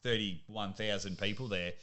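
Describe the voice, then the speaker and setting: Bright-voiced Australian bloke telling stories. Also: male voice, on the low side, unhurried. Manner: lively storyteller, laughs at himself. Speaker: podcast guest, sports commentator. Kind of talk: casual interview chat.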